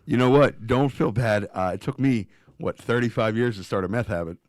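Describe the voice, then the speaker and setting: A man's voice: mid-range voice, a little fast, darkish tone, no echo, studio quality. A man hosting a podcast, asking easygoing, joking questions peppered with fillers. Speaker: podcast host. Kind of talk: casual podcast interview.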